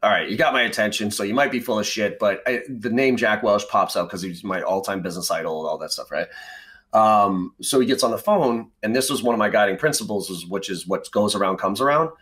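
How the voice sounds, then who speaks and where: Middle-aged man from the Boston area, lowish voice, blunt podcast guest, swears casually. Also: fairly quick, fairly bright tone. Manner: blunt, swears freely, conversational. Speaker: sales trainer, podcast guest. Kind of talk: casual storytelling in a podcast interview.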